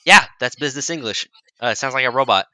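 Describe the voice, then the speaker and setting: A man's voice: mid-range voice, quick pace, bright, forceful tone, dry recording. A man with a Southern US accent, running a tabletop game as game master in a rambling, casual way with frequent restarts.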